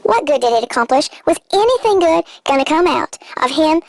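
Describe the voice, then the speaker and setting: A woman's voice: sits high, very animated, a little fast, dry recording, rough recording. Sarcastic woman narrating commentary. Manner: sarcastic, mocking, dramatic rhetorical questions. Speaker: commentary channel host.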